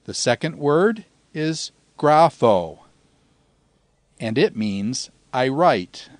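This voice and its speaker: In a measured, unhurried grammar lesson, a male Greek teacher stretches out each phrase for repetition, pausing frequently. His middle-pitched voice has lively intonation, captured in a close, dry recording without room sound.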